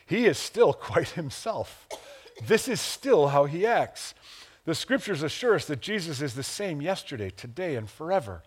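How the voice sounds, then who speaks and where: A male pastor from the Chicago area preaching a sermon, animated and playful, acting out quotes and chuckling at his own asides. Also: normal speed, slightly rough. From Chicago area, USA. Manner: animated, acts out quotes with big pitch jumps.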